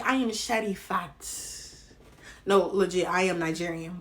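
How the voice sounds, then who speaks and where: Animated Southern American woman commentator. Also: on the low side, unhurried. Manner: animated, slangy, talks straight to the viewer. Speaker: reality TV commentator. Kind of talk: casual commentary vlog.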